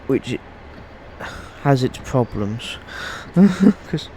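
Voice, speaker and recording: A man talking through a train game as he plays, in a middle-pitched voice. He stops and restarts his sentences and drifts into rambling asides. Faint train sounds from the game hum behind him. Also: big pitch swings, drawn-out words, warm tone. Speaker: gaming YouTuber. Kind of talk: casual gameplay commentary.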